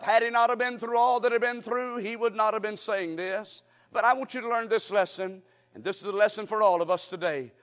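A man's voice: sits high, pushed and bright. A man preaching a sermon who reads scripture and asks rhetorical questions, repeating them and calling on the congregation to respond. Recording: long reverb in a large hall.

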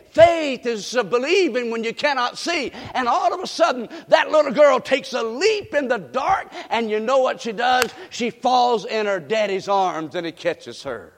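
A man's voice: very high voice, expressive, normal speed, hardly any pauses. A man preaching a sermon, telling folksy stories and calling on the congregation to answer back. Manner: preaching with call-and-response to the congregation; folksy storytelling with frequent restarts. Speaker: pastor. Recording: long reverb of a church hall.

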